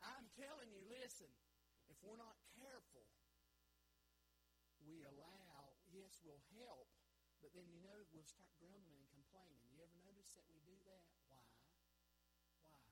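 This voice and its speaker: A male pastor preaching a sermon, swinging from hushed, earnest lines to loud shouted ones and repeating phrases for emphasis. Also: high voice, expressive, moderate pace, long pauses, a little hiss or hum. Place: church sanctuary.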